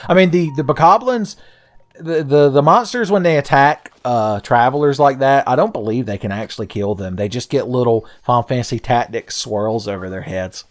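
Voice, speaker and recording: Man joking through game commentary. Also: mid-range voice. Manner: joking, rambling, swears freely, laughs often. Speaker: let's play host. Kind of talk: casual gameplay commentary.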